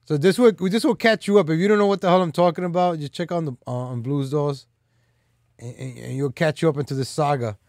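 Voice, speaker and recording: A man with a voice pitched a little above the usual male range talks off the cuff as a live stream host. His delivery is loose and rambling, packed with "like" and "man" fillers, and it turns teasing and boastful. The sound is dry and close, with no room echo. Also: brisk, a little mellow. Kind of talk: casual rambling commentary.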